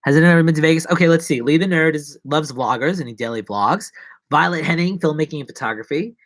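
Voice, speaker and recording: A man chatting casually and rambling playfully on a solo livestream. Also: quick pace. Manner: rambling, playful, drops to whispers and jumps to squeaky voices. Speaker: livestreaming vlogger.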